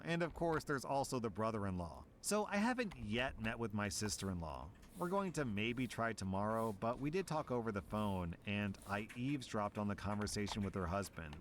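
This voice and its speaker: A man streamer reading a story aloud and reacting, amused and animated. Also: on the low side, slight background noise. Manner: amused, breaks into laughter.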